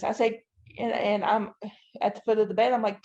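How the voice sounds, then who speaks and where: A woman's voice: medium pitch, level tone, normal speed, mellow. A woman guest on a podcast, giving a detailed personal account and often using "you know" and "I'm like". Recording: dull, lo-fi audio.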